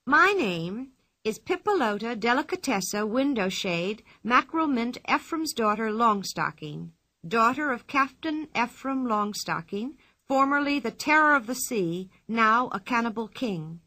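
A woman's voice: a little high, animated, a little slow, bright, forceful tone, no room sound, heavily acted. A woman reading a storybook aloud, voicing a bold, cheeky young girl in a brash, indignant manner.

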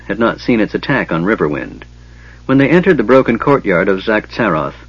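A man reading an audiobook in measured, storytelling narration, on a slightly dull recording. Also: lowish voice, husky. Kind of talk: scripted narration.

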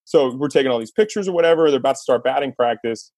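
A man hosting a podcast, telling a sports story in a lively casual way and laughing as he talks. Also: mid-range voice, quick pace, dry recording. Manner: animated storyteller, laughs mid-sentence. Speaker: podcast host.

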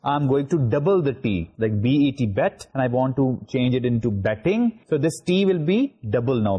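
A middle-aged Pakistani man delivers a recorded university lecture, spelling out words letter by letter and leaning on fillers like "you know". His voice is husky and mellow, and his pitch swings widely. He speaks English with a Pakistani accent. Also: expressive, moderate pace, few pauses, highs cut off.

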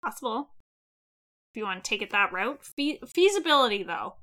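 A woman co-hosting a podcast in casual chat. Her voice sits high and sounds bright and sharp. She is blunt and skeptical and swears offhandedly. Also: sing-song, normal speed. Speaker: podcast co-host.

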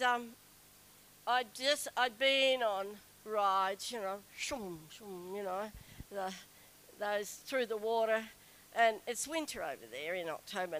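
A woman in middle age tells a personal anecdote to a gathered audience. Her voice sits a little high and comes across bright and clear. She talks in a chatty, animated way and slips into a whiny tone when she acts out her own complaints. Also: rough recording. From Australia. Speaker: speaker telling a story to a group.

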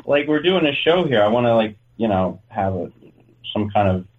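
A man's voice: fairly low pitch, lively intonation, moderate pace, phone-quality sound. A man hosting a podcast in casual chat, rambling and swearing loosely. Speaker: podcast host.

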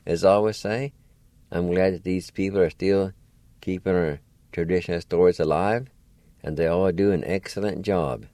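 A man hosts a radio program and introduces the next storyteller in a calm, measured way. His voice is very low, and it is recorded dry and close with no room sound. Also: no room sound. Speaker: radio host.

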